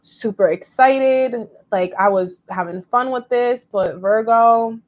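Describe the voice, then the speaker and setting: A woman's voice: mid-range voice, unhurried. A woman giving a casual tarot reading to her viewers, rambling and emotive, with many fillers. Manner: rambling and emotive, heavy use of "like". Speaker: tarot reader.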